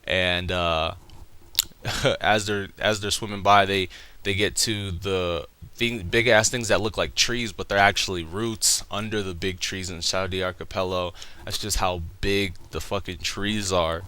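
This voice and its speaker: A man's voice: low voice, steady tone, unhurried, sharp tone, smooth. A young man casually retelling a comic chapter for a review video, rambling and swearing as he talks. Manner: rambling, profane, laughing retelling. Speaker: manga reviewer.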